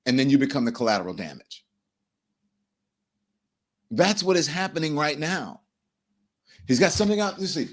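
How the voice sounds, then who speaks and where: A man's voice: fairly high pitch, big pitch swings, moderate pace, long pauses. A man hosting a live political commentary show, talking straight to his viewers and repeating phrases for emphasis. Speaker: show host.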